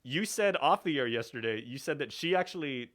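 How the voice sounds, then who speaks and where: A man co-hosting a morning radio show, shifting from playful banter to steady news reading. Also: medium pitch, brisk.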